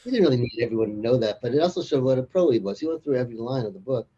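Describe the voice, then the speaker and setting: A man's voice: mid-range voice, animated, very fast, dark tone, breathy edge, dull audio. A man as an interview guest, chatting casually and rambling through anecdotes with frequent chuckles. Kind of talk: casual conversation.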